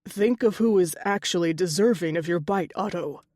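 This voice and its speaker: Woman voicing a calm panther shifter. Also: on the low side, dry recording, clean studio sound, lightly acted. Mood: gentle. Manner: gentle, measured.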